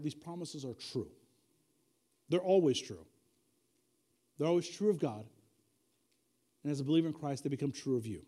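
A man's voice: a little high, darkish tone. A man preaching a sermon as pastor, dynamic and conversational, repeating key lines for emphasis with folksy asides.

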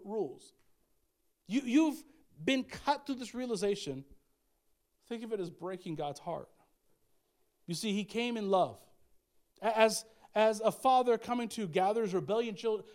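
A man's voice: sits high, lively intonation, moderate pace, long pauses, darkish tone. A young adult man, a pastor, preaching a sermon in a conversational, emphatic way with frequent asides.

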